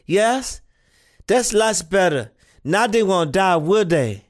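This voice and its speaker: A woman voicing an earnest, thoughtful seven-year-old boy, who speaks slowly and questioningly in an audio play reading. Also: mid-range voice, lively intonation. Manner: slow, earnest childlike questioning.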